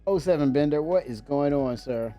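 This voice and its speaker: Excitable, rambling male streamer. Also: a little high, moderate pace, soft background music. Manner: excitable, rambling, laughs often, many fillers. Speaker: livestream host. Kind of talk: casual chat.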